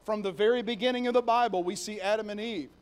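A young adult man preaching a sermon in a conversational, storytelling way, animated as he retells scenes. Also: high-pitched, fast.

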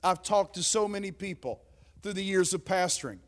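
A man's voice: high-pitched, brisk. A man preaching a sermon as pastor, emphatic and exhorting his listeners.

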